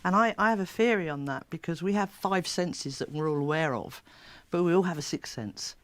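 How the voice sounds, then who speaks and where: A woman, a therapist, telling stories in an interview with a lively, laughing manner. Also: on the low side, brisk, no room sound. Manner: lively, animated storyteller who laughs often. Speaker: therapist and child coach. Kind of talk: storytelling interview.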